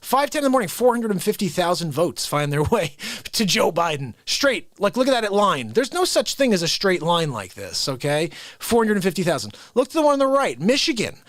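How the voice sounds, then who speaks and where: A high-voiced man hosting a live stream launches into an excitable, funny rant at a moderate pace, interrupting himself with laughing asides. Sound is close and dry without any echo.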